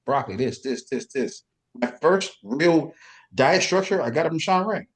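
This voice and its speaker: A middle-aged man, a guest bodybuilder, telling lively backstage stories and imitating other people's voices in casual chat. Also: a little high, normal speed, husky. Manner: animated storyteller, does voices of others. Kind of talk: casual storytelling.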